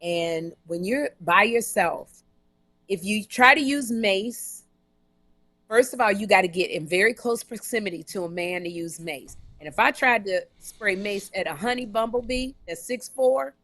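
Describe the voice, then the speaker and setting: A woman co-hosting a comedy podcast live stream, telling a long story in an animated, run-on way with frequent restarts and blunt jokes. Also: mid-range voice, unhurried. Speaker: podcast co-host.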